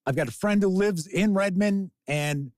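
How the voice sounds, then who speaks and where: An American man in his fifties, with a high-pitched voice and moderate pace, hosts a casual live-stream chat as a podcast host. He rambles and reads out viewer comments, recorded dry.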